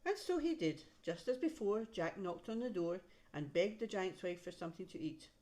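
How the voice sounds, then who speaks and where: A woman reading a storybook aloud to a child, pausing to point out the pictures. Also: medium pitch, expressive, mellow. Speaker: reader to a child.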